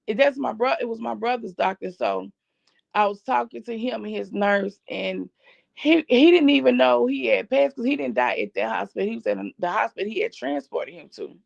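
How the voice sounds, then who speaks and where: A woman's voice: fairly high pitch, animated, moderate pace, vocal fry, dry recording. A middle-aged woman hosting a family channel, chatting to viewers and retelling what people said to her in a long story. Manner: chatty, retells others' words with "I said, he said". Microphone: streaming setup. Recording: dull lo-fi dry stream audio.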